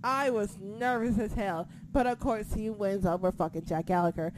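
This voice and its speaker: A young woman co-hosting a casual wrestling chat, excitable and profane, laughing often. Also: medium pitch, moderate pace, background noise.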